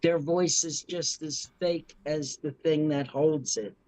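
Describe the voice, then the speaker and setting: A woman's voice: sits low, steady tone, a little mellow, no room sound. A woman co-hosting a casual chat podcast, crude and cutting in her remarks. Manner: slow, drawn-out, crude and cutting. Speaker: podcast co-host.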